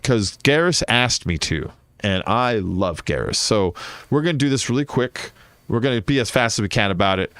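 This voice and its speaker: A man's voice: medium pitch, no room sound. A young man talking casually and thinking aloud as he plays a video game, laughing often. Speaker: gaming streamer. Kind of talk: casual let's-play commentary.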